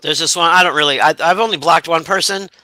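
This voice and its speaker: Man, casual chat, animated storyteller, swears, very bright sharp tone, high voice, dry sound. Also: quick pace, no echo, poor audio. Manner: animated storyteller, acts out his own lines, swears.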